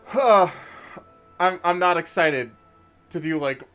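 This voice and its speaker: Joking co-streamer, mid voice, jumps around a lot, music low in back. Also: expressive, fairly bright tone. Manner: joking, quick, teasing. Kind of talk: casual live-stream chat.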